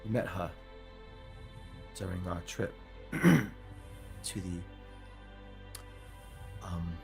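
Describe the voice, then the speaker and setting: A low-pitched man narrates his character's actions in an actual-play tabletop game. He speaks unhurriedly, dropping casual fillers, over faint background music. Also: steady tone, extremely slow, vocal fry. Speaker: player.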